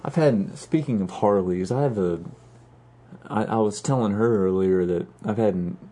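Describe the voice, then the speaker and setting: Laid-back man with a mellow voice. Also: lowish voice, normal speed. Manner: laid-back, wry storytelling. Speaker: podcast host. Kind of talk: casual chat.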